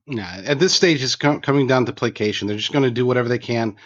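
A man joins remotely as a guest commentator, pressing his opinions emphatically at an average pitch. His voice sounds dull and lo-fi. The call audio is dry, with no room sound. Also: fast talker, no room sound. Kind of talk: remote interview.

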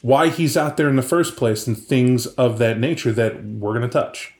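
A man's voice: mid-range voice, moderate pace, a little mellow. A man hosting a podcast, casually and animatedly retelling a tabletop game session he ran, with many asides. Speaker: podcast host and game master. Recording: echoey room.

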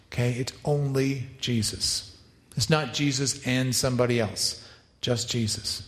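A man preaching a sermon, animated, acting out quoted voices and making asides to helpers. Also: medium pitch, moderate pace. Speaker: pastor. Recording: echoey hall, reverberant.

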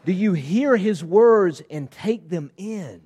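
A man preaching a sermon, lively and conversational, acting out voices of the crowd and disciples in casual asides. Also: high-pitched, slow, slightly rough. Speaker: pastor.

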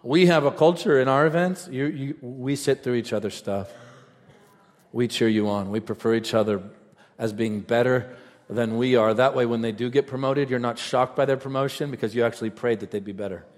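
A man preaching a sermon, telling stories conversationally and rising to fervent, shouted peaks. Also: mid-range voice, fairly even intonation, fairly quick. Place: large event hall. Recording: reverberant large hall.

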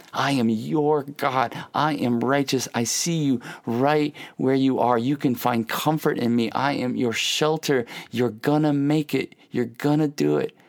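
A man giving an earnest, encouraging devotional sermon for a podcast, often dropping to soft, hushed asides. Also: medium pitch, creaky. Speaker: pastor.

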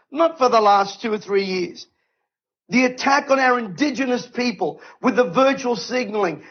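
A high-voiced man delivers a fiery sermon from the platform, driving his points home with repeated rhetorical questions. His delivery is emphatic and unrelenting, and the recording sounds a little dull and lo-fi. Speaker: preacher. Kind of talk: impassioned sermon. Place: event stage.

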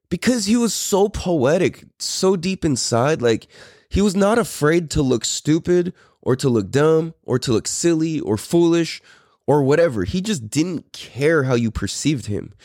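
A man's voice: on the high side, expressive, measured pace, darkish tone, no echo, studio quality. A man in his thirties hosting a podcast, telling a story in a rambling, profane way with many fillers. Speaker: podcast host. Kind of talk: casual storytelling.

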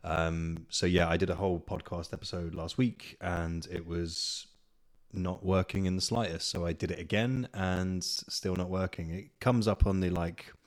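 Speaking at a normal pace in a low, steady voice, this young man from Kent, England, hosts a solo podcast on a podcast mic. His talk is casual and meandering, with plenty of swearing.

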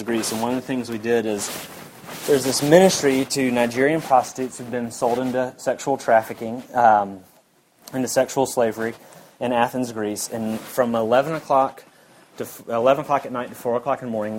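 A man delivers a sermon in a middle-pitched voice. He is earnest and emphatic and circles back to repeat his points. A faint hiss sits under the recording. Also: fairly even intonation, a little fast, poor audio. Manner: earnest, repetitive emphatic preaching. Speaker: preacher.

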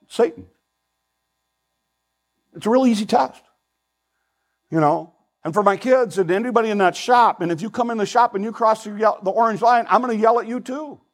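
An older man preaches a sermon as pastor, earnest and pleading, swinging from loud emphasis to hushed asides. His voice is high, and the audio is poor.

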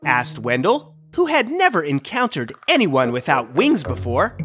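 A woman reads a children's storybook aloud at a slow, unhurried pace. Her voice swoops widely up and down as she narrates with great expression. Soft music plays faintly behind her. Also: deep voice. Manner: animated, expressive read-aloud.

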